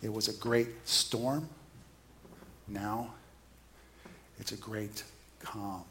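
A man's voice: fairly low pitch, fairly even intonation, very slow, pushed and bright, a little hiss or hum. Male preacher, conversational sermon, storyteller who questions his listeners.

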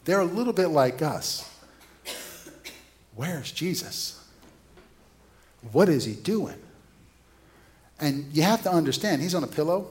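A man's voice: on the high side, animated, takes it slowly, pauses often, darkish tone. A man preaching a sermon in a conversational, storytelling way, often putting questions to his listeners.

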